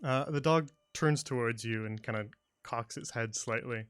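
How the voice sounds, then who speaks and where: A man narrating a tabletop game as game master in a relaxed, hesitant way. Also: medium pitch, normal speed, clean tone, no room sound. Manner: relaxed, hesitant with many "uh" and "kinda".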